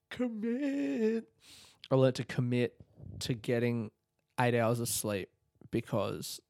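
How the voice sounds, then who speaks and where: A young man rambles through a solo podcast episode, swearing freely and laughing at his own ideas. His voice sits at an ordinary middle pitch. The sound is dry and close, with no room echo. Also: a little mellow. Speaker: podcast host, comedian. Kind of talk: casual solo podcast rant.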